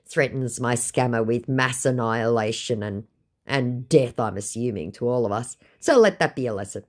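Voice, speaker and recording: A woman telling the story of baiting a scammer, with sardonic, deadpan asides. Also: very deep voice, moderate pace. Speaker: scam baiter recounting a chat. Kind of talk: storytelling vlog narration.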